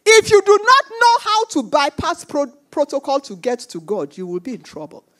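A woman's voice: sits high, huge pitch swings, normal speed, a bit bright. A woman preaching a sermon with emphatic repetition, acting out the voices of the people in her stories. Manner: emphatic, repeats phrases, acts out quoted voices.

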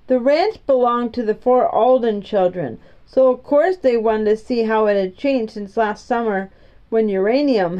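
A woman reading a children's chapter book aloud in a gentle, even storytelling manner. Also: on the high side. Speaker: reader. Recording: dull lo-fi recording.

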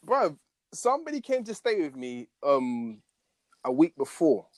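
A man's voice: mid-range voice, big pitch swings, takes it slowly, a little mellow, no room sound. A young man in casual chat, recounting a story in a slangy, matter-of-fact way. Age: young adult.

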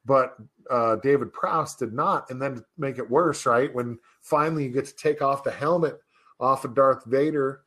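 A man chatting on a podcast, telling a story with gusto and dropping into quick voices for the people he quotes. His voice sits in the middle of the male range. He jokes as he goes. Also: medium pitch, a bit bright. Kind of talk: casual podcast chat.

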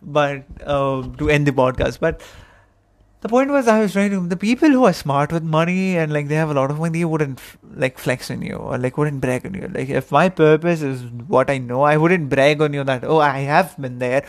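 A young man talks alone into his podcast mic in a loose, rambling way, circling back on his words with plenty of fillers. His voice sits a little higher than most men's. He sounds candid and chatty. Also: moderate pace. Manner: rambling, with many fillers and restarts. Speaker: podcast host. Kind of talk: casual solo podcast monologue.

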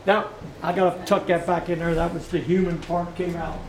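High-voiced preaching man, echoey and distant. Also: little pitch movement, normal speed. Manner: repetitive call-and-response preaching. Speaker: pastor. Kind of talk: sermon. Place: church sanctuary. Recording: echoey room from far off, faint ambience.

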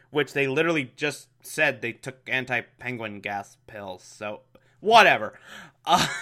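A man's voice: fairly high pitch, bright, forceful tone. A man giving a casual, amused recap of a TV episode, often breaking into laughter.

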